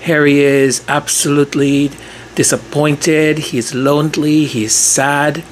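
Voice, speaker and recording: Unhurried, slightly high-voiced male vlogger. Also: level tone, a little hiss or hum. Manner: chatty, leans on "like" and restarts. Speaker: commentary channel host. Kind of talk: casual vlog commentary.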